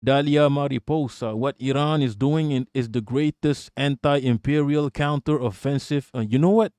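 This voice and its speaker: A man's voice: medium pitch, fairly even intonation, normal speed, a little mellow, no echo, clean studio sound. Blunt, profane man streaming live. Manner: profane, blunt, laughs often. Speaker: live-stream political commentator. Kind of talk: casual live-stream commentary reading chat.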